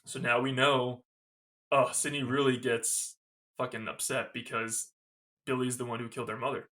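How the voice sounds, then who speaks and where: A man co-hosting a podcast recaps a film scene by scene in an animated, casual way, quoting lines and dropping swear words. He speaks at normal speed with a medium-pitched voice.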